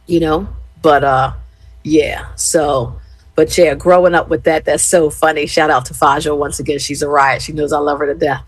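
A woman in her fifties from Philadelphia tells stories to her live-stream viewers in a lively, expressive way. Her voice is husky and sits fairly low. The sound is dry and close, with no room echo. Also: moderate pace. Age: 50s. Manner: animated, expressive storyteller. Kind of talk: casual chat with viewers.

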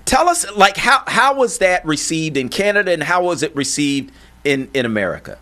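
A man's voice: fairly high pitch, very animated, moderate pace, pushed and bright. Friendly male interview host. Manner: friendly, amused, short backchannel replies. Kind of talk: radio interview questions.

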